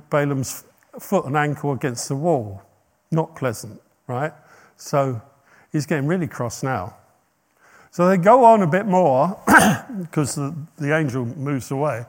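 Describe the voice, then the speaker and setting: Male preacher, lively dramatic storyteller, high voice, makes asides. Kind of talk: sermon storytelling.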